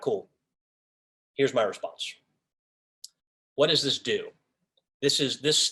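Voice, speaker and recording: Animated man teaching sports officials. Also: medium pitch. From raised by Long Islanders. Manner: animated, acts out lines of officials and coaches. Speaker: officiating instructor. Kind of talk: training talk on a video call. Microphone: video call.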